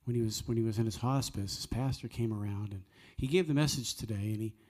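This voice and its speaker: A man's voice: lowish voice, fast, a little mellow. Folksy man hosting a show. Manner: earnest, emphatic, jokey asides. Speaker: host of a live music night. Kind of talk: folksy storytelling with preaching. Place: live cafe music venue.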